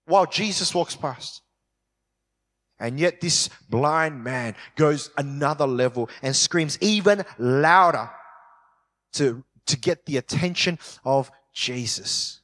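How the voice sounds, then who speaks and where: A man preaching a sermon in a church, slowing down to stress key words. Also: medium pitch, a bit bright. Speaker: pastor. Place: church hall. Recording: long hall reverb.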